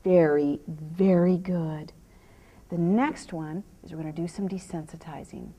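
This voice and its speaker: A woman horse trainer giving a hands-on demonstration, mixing soft repeated praise and hushed soothing with firm commands and calm explanations to viewers. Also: fairly low pitch, unhurried. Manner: drops into hushed near-whispers when soothing.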